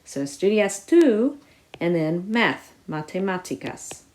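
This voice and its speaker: A woman teaching a recorded lesson, explaining each step clearly and putting stress on key words. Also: fairly low pitch, sing-song, measured pace, darkish tone. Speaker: Spanish teacher.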